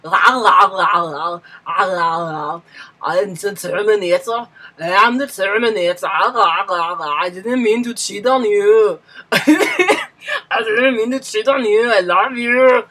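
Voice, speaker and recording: A woman's voice: mid-range voice, takes it slowly, a bit bright, breathy edge, rough recording. A woman doing an impression of a famous male actor who croons in a sing-song way. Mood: crooning.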